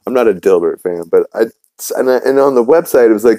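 A man's voice: mid-range voice, lively intonation, fast talker, mellow, no room sound, rough recording. A man hosting a podcast who recaps an episode in a casual, rambling way, swearing freely. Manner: rambling, profane, full of fillers and restarts. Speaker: podcast host.

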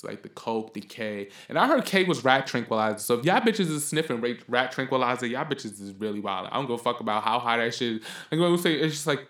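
A man's voice: lowish voice, echoey room. A man hosting a podcast, giving blunt opinions in a casual monologue and ranting heatedly with lots of swearing. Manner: blunt, profane, heated ranting that flares up loud. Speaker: podcast host.

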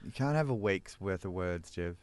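Teasing Australian radio co-host. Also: male voice, low-pitched, lively intonation, normal speed, dry recording. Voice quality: teasing, playful. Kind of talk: casual radio banter.

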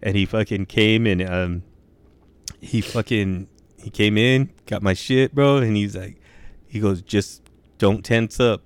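Laid-back swearing young man, smooth voice. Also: fairly low pitch, measured pace, no room sound. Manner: laid-back, swears a lot, says dude and bro. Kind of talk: casual storytelling chat.

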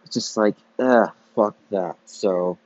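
A man's voice: on the low side, takes it slowly, a little mellow, dry recording. A man hosting a solo podcast, ranting in a profane, repetitive way and often restarting his sentences. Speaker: podcast host. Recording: dull lo-fi recording.

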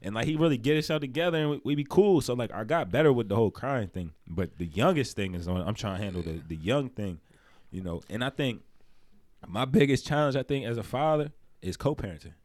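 A young man co-hosting a casual podcast, talking loosely about fatherhood and sometimes jumping into high, animated imitations. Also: a little fast, dry recording. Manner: animated storytelling, slips into high mimicking voices. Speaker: podcast co-host.

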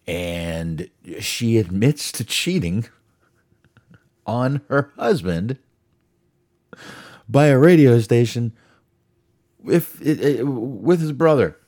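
A man hosting a show, chatting in a relaxed, rambling way as he introduces old radio clips. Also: medium pitch, takes it slowly, pauses often. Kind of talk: casual chat.

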